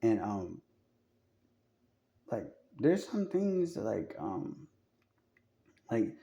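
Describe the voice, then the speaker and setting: A man rambling through a casual monologue, swearing freely and filling it with "like" and "you know." His voice is gravelly and very dark and mellow. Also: fairly low pitch, very animated, extremely slow, slight background noise. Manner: rambling, profane, heavy on fillers.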